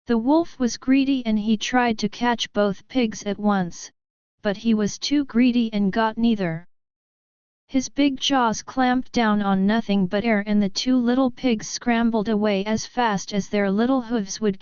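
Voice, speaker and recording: A woman reads a children's fairy tale aloud in a slow, deliberate, expressive way. Her voice is very clear and slightly high, recorded dry with a dull, lo-fi tone. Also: no room sound. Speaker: storyteller. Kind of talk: children's story narration.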